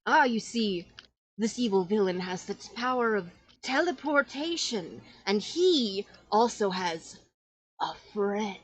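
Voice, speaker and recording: A woman voicing a male stage magician in a tabletop game, speaking in a slow, grand storyteller manner. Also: medium pitch, animated, breathy edge, no echo. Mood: theatrical. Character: theatrical male stage magician with fake beard.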